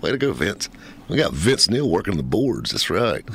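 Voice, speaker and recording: A male radio host with a low voice that rises and falls a lot as he tells his stories. He jokes and laughs easily. A faint noise sits under the recording. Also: moderate pace. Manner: joking, laughing often, animated storytelling. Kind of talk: casual radio banter.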